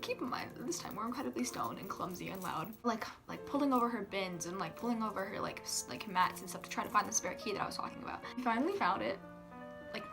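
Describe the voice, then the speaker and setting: A young woman telling a storytime tale casually. She swears a lot, fills her talk with "like", giggles and sometimes drops to a hush. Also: fairly high pitch. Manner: giggly, profane, filler-heavy, hushed at times. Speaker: vlogger.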